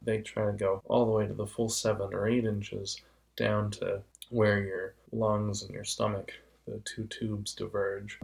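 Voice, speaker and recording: A man's voice: on the low side, creaky. A man giving a casual, patient explanation of how engines and voices make sound. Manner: patient, illustrates with vocal demonstrations.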